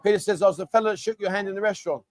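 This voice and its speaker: Rapid-fire and high-pitched with a steady tone, this middle-aged man runs a laid-back livestream in a dry recording. He chats and reads viewer comments in a chummy manner, regularly calling people mate.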